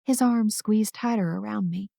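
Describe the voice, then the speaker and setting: A woman's voice: mid-range voice, normal speed, creaky, mellow, no room sound, studio quality. A woman narrating a first-person romance audiobook in an intimate, emotional reading.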